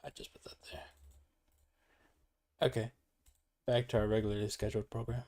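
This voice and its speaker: A young man with a gravelly voice, chatting casually and slangily as a gaming host reviewing footage. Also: on the low side, flat delivery, normal speed, a little mellow. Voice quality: gravelly, like a chain smoker. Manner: laid-back, slangy. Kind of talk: casual chat while reviewing gameplay footage.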